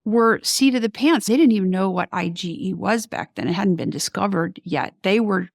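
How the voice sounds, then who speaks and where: A woman's voice: medium pitch, expressive, moderate pace, vocal fry, dry recording, clean studio sound. A middle-aged woman, a guest doctor in an interview, telling her story animatedly and acting out quoted remarks.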